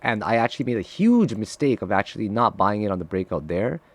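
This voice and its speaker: A man giving live trading commentary to his viewers, excitable and profane, swinging from loud frustrated outbursts to low muttering. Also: brisk. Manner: talks straight to viewers, calling them guys. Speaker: day trader streaming live trades.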